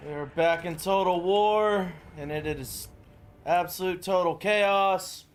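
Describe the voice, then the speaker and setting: A man live-streaming a strategy game, chatting casually with viewers and breaking into loud, shocked exclamations. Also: high-pitched, slow pace.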